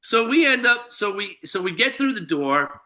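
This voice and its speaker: Here a Shelter Island, New York man tells a long, foul-mouthed anecdote as a guest storyteller, stumbling through fillers and restarts. His high-pitched voice is sing-song, pushed and bright, at a normal speed.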